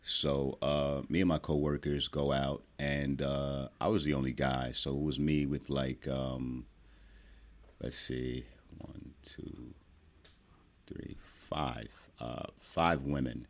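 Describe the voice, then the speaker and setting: A man with an extremely deep, low voice chatting casually as a podcast guest. He is laid-back and hesitant, pausing often with "um" and "uh" as he recalls his story. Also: level tone.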